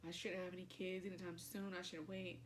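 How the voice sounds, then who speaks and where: A woman's voice: fairly low pitch, level tone, a little fast, a little hiss or hum. A young woman vlogger telling a personal story to camera in a chatty, emotional way, with lots of fillers.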